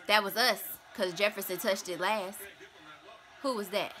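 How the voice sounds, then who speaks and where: A young woman vlogging casually while watching a game with a friend, reacting loudly and laughing often. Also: medium pitch, fairly even intonation, normal speed.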